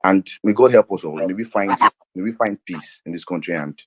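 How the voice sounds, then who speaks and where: A man talking earnestly and haltingly in an online audio chat room. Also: low-pitched, a little mellow, no echo, poor audio. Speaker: participant.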